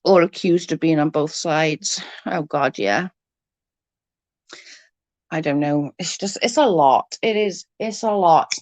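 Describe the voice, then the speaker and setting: A woman with a cold, hoarse and husky, chatting casually on a livestream and answering viewers' comments. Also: sits low, slow pace, a little mellow, dry recording. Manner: blunt, swears freely, vents about double standards. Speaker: livestream host. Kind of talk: casual live chat reading comments.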